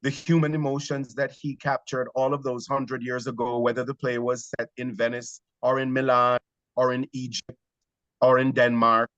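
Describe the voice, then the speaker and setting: A man from Jamaica with a Jamaican accent, a theater actor telling stories in an interview, animated but hesitant. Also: mid-range voice, normal speed, no room sound, lo-fi sound. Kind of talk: conversational interview.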